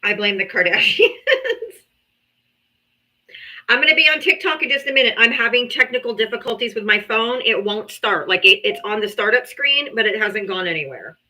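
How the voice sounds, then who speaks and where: Female streamer, 40s, bright animated voice, frustrated and laughing at her phone. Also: a little high, moderate pace. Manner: exasperated, laughing, swearing. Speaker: livestream host. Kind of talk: casual livestream chat.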